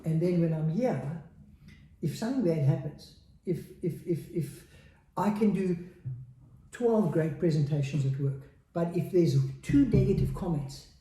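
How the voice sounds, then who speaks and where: With a fairly high, warm voice, a South African man in his 40s speaks animatedly but a little slowly as a podcast guest. He is candid and earnest in the interview, repeating phrases for emphasis. The room is echoey.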